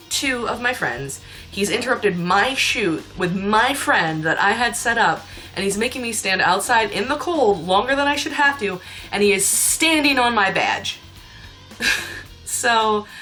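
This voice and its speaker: A woman's voice: mid-range voice, fairly bright tone. A young woman telling a story in a casual vlog, chatty and ranting with laughs. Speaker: cosplayer and convention staff.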